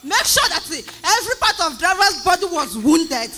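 A woman with a Nigerian accent giving an emotional testimony in church, animated, repeating phrases, often crying out and laughing. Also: extremely high pitch, moderate pace, slight background noise.

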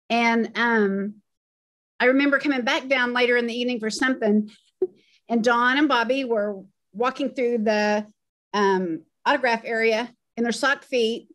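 A woman's voice: fairly high pitch, a bit bright. A middle-aged woman, a fan guest, casually sharing memories in a reminiscing way on a video call. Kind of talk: casual remembrance chat.

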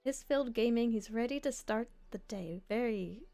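Woman, game streamer, casual chat, playful, fairly high voice. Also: normal speed, warm tone, soft background music. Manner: playful, giggly, chats with viewers. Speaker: virtual streamer.

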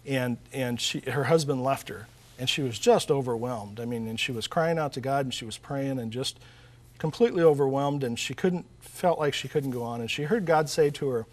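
A man's voice: medium pitch, fairly quick. Earnest man telling stories in an interview. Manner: earnest, storytelling, with frequent restarts. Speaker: author and guest. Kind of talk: interview conversation.

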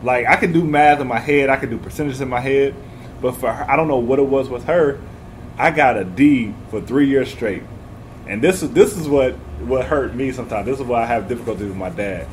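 A man telling stories in a casual, animated way, laughing often as he talks. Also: medium pitch, fairly quick, slight background noise, rough recording. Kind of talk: casual chat.

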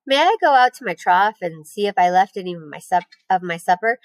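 A woman's voice: fairly low pitch, lively intonation, fairly quick, no echo, studio quality. A woman reading aloud, voicing an eager, anxious young male pig who pleads and asks many questions. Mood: pleading.

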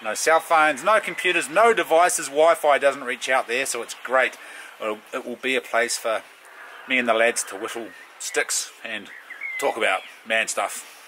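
A man's voice: mid-range voice, moderate pace, pushed and bright, a little hiss or hum. A middle-aged man with a New Zealand accent, telling blunt, laid-back stories in a casual vlog as a bush guide.

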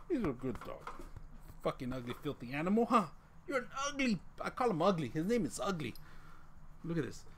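A man's voice: fairly high pitch, fairly bright tone, a little hiss or hum. A man streaming live from home, joking with chat and tacking "man" onto his sentences, on a desk condenser mic with a pop filter. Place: home room with a dog.

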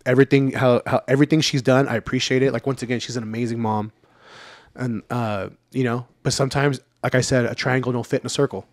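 A man's voice: mid-range voice, fairly even intonation, fast, no echo. A man in his thirties talking candidly on a podcast, laid-back, with lots of fillers and the odd curse word. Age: 30s. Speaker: podcast regular. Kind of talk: casual podcast chat.

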